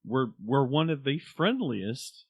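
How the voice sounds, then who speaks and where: A man's voice: medium pitch, big pitch swings, slow, breathy edge, no room sound, lo-fi sound. Man, podcast co-host, boisterous, joking, dry close sound. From Oklahoma. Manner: boisterous, joking, slips into comic voices. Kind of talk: casual chat.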